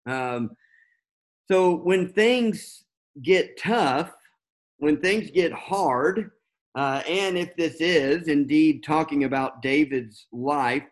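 A man preaching a sermon, talking unscripted with many fillers and restarts. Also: fairly high pitch.

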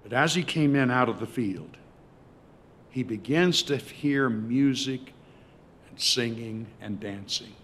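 Male preacher, sermon, dramatic storytelling, loud to hushed swings. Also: medium pitch, takes it slowly, a little hiss or hum.

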